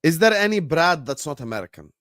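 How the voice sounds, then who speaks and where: A man's voice: fairly high pitch, sing-song, quick pace, a bit bright, no echo, studio quality. A man whose first language is Arabic, hosting a football watchalong stream and bantering casually with his chat in a joking manner.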